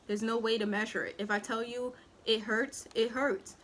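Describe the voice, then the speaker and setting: Eating as she talks, a young new mom who vlogs rambles through a casual story, leaning on fillers and performing other people's lines. Her voice is on the high side, steady and a bit bright, at a normal pace over slight background noise.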